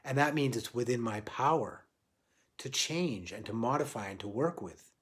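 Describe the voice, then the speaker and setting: Man, spiritual teacher on a livestream, reflective, repeats himself, mid-pitched voice. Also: animated, moderate pace. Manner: reflective, repeats phrases for emphasis, drops to quiet soft lines.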